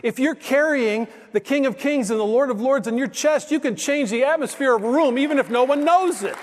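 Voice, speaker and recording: A man's voice: very high voice, fairly quick, long reverb tail, some chatter behind. A male pastor preaching a sermon, telling stories in an emphatic, conversational way.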